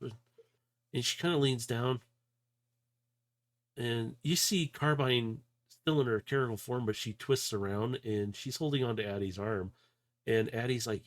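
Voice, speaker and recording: A man's voice: on the low side, normal speed. A man running a tabletop game as game master, narrating loosely with fillers, sounding a bit unwell. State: unwell, coughing.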